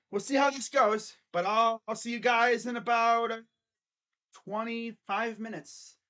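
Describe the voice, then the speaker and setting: Young male sports streamer, high voice, rambling and jokey, casual live reaction. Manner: animated, rambling, jokey with mocking asides. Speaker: sports channel host.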